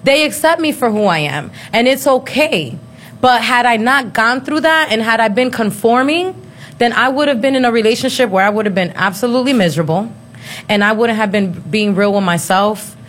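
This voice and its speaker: Blunt, profane woman with a higher voice. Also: moderate pace, a little hiss or hum. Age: 30s. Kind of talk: casual chat.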